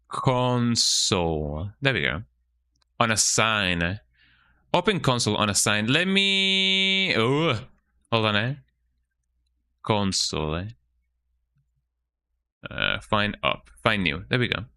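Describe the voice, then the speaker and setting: A man's voice: on the low side, sharp tone. A man streaming a game, chatting casually and muttering to himself as he reads setup steps aloud, often ending lines with "eh?". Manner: chatty, tags sentences with "eh?", mutters while reading instructions aloud. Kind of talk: casual live-stream chat.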